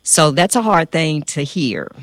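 Calm woman explaining care work, dry sound. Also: low voice, measured pace, dry recording. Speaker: hospice care worker. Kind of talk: panel discussion answer.

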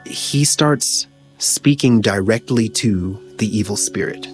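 A man telling a personal story as an interview guest, reflective and pausing to search for words. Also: lowish voice, soft background music.

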